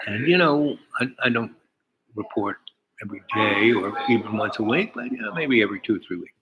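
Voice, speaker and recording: A man's voice: fairly low pitch, very animated, a little fast, highs cut off, background noise. An older man telling a long personal story in a meandering way, with many fillers and restarts. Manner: meandering, full of "you know" and restarts. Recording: crowd chatter behind. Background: crowd chatter.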